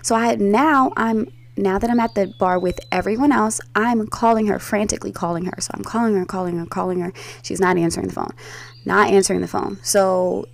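A woman telling a long story in a casual chatty way, acting out the quoted voices with big jumps in pitch and swearing freely. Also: steady tone, fairly quick, vocal fry. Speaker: storyteller recounting a trip.

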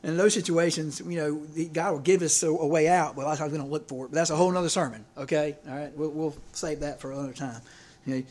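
A man's voice: on the high side, fairly even intonation, fast, a little mellow. Man preaching, chatty and repetitive. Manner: conversational, repeats himself, checks in with "okay?" and "all right?". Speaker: preacher and teacher. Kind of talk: casual sermon.

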